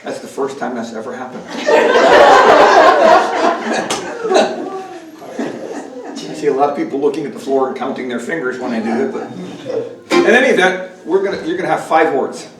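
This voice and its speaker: A man's voice: mid-range voice, noisy background. A male folk musician chatting and joking with the audience between songs at a library concert. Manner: joking, chatty, teasing the crowd. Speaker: folk musician performing live. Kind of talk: stage banter with the audience. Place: library performance room, indoors. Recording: roomy hall, distant mic, guitar playing.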